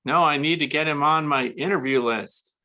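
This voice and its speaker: A man's voice: on the high side, moderate pace, sharp tone. A man hosting a casual interview, chatty and curious, asking follow-up questions. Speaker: interviewer host.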